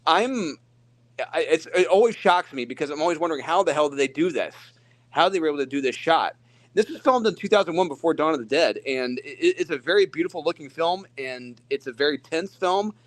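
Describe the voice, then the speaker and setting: A man co-hosting a casual podcast chat over his phone, talking haltingly with many restarts. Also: fairly high pitch, lively intonation. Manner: halting, full of false starts. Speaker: podcast co-host.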